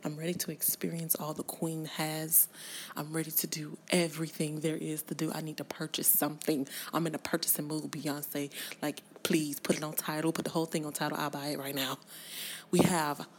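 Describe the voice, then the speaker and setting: Gushing, profane woman ranting excitedly. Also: low-pitched, normal speed, slight background noise. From Miami. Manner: gushing, profane, swings between loud and whispered. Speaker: vlogger. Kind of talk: excited fan rant to camera.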